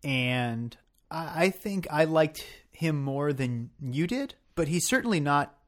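A man's voice: on the high side, expressive, slow. A man co-hosting a casual podcast discussion, thoughtful and often restarting his sentences. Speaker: podcast co-host.

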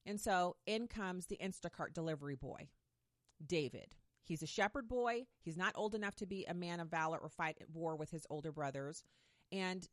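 A woman's voice: low-pitched, no room sound, studio quality. A woman casually retelling a Bible story in a playful way, with modern slang asides.

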